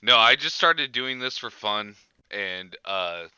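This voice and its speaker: Male host, easygoing, casual cursing, crisp voice through a dull lo-fi mic. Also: lowish voice, lively intonation, slow, bright, forceful tone, no echo. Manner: laid-back, swears casually. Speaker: podcast host. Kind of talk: casual interview chat.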